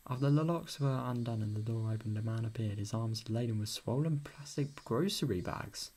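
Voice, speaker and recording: A man's voice: mid-range voice, moderate pace, a little mellow, a little hiss or hum. A young British man reading a visual novel aloud, breaking off to chat and swear about the story. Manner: chatty, swears often, reacts with sudden bursts. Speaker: video novel reader.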